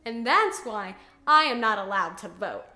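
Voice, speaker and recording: A woman's voice: mid-range voice, expressive, moderate pace, loud music behind the voice. Bubbly teen girl in an echoey kitchen. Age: teens. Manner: bubbly and joking, chatty asides. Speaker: cooking video host. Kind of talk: casual cooking tutorial.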